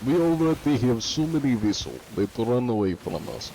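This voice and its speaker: A streamer voicing a big, boastful, deadpan Russian man in a put-on mock Russian accent with broken grammar. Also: medium pitch, normal speed, slight background noise, rough recording. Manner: drops articles, speaks in broken grammar.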